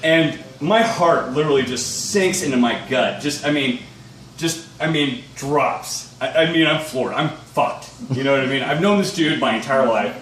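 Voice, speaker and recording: A man's voice: medium pitch, moderate pace, a bit bright. A young man telling a rambling, profane personal anecdote, laughing through it as he goes. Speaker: storyteller. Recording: echoey room, distant mic, faint noise.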